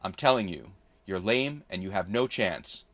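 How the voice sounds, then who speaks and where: A man's voice: sits low, lively intonation, normal speed, fairly bright tone, dry recording. A man voicing a menacing male renegade warrior who threatens and snarls as he holds a hostage. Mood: snarling. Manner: threatening, snarky, increasingly furious.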